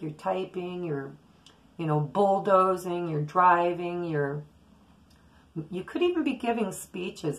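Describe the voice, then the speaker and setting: A woman with a slightly low, gravelly voice reads tarot cards for her viewers. She talks in a loose, chatty way, drifting from thought to thought as her intuitions come to her. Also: low-quality recording. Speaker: tarot reader. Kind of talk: casual daily tarot reading to camera.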